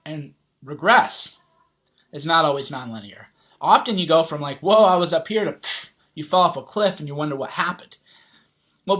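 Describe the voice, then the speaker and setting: Guy ranting motivational stuff, kinda high voice, swears a ton, keeps saying right?. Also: bright, forceful tone. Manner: blunt, heavy swearing, casual slang; rambling, with frequent "right?" asides. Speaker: self-help author and vlogger. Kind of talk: motivational talk to camera.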